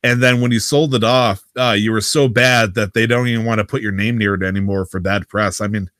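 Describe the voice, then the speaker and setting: A man's voice: fairly even intonation, a bit bright, dry recording. Joking man on a dry podcast mic. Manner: joking, drawn-out uhs, jumpy pitch when joking. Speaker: podcast co-host. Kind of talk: casual gaming podcast chat.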